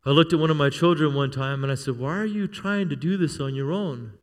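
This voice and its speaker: A man's voice: on the high side, fairly quick, big-room sound. A middle-aged male pastor preaching a sermon, telling stories with humor and asking the church for amens. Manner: storytelling with humor, calls for amen.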